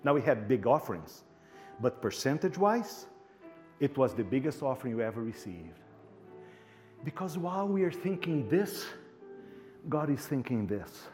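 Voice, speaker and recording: A man's voice: mid-range voice, expressive, normal speed, a little mellow, soft background music. A male pastor telling a story in a sermon. He acts out the dialogue with animation and often repeats words.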